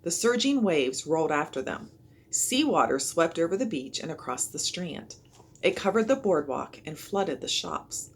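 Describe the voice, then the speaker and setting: A woman's voice: deep voice, moderate pace, husky. Woman reading a children's book aloud. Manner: lively, expressive storytelling. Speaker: reader.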